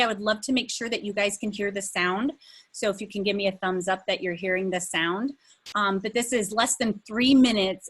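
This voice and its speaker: A woman's voice: mid-range voice, a bit bright. A woman coach giving a conversational webinar presentation over a video call, with many fillers and some emphasis. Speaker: leadership coach.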